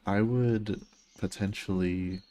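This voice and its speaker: A man's voice: on the low side, steady tone, takes it slowly, mellow. A young man casually chatting on a gaming livestream, reading his chat aloud and answering with joking, self-mocking remarks. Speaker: streamer.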